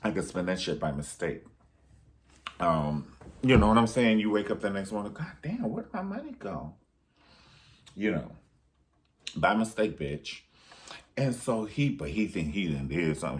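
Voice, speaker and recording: A man recapping a film in a sassy, profane, theatrical way. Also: deep voice. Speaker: film reviewer. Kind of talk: casual movie recap.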